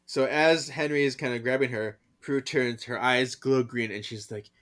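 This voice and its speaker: A man's voice: mid-range voice, steady tone, normal speed, a bit bright. A man co-hosting a podcast, casually retelling a comic issue and acting out the characters' lines in raised voices, laughing often. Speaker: podcast co-host.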